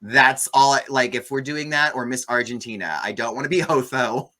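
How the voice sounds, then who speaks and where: A man hosting a casual movie review chat, animated and gossipy, often swearing. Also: medium pitch, moderate pace. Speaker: host.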